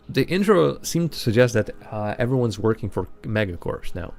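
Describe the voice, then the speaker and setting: Gravelly, lively young man streaming. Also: mid-range voice, normal speed, few pauses. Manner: rambling and chuckly, with many fillers. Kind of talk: live gameplay commentary, reading game text aloud.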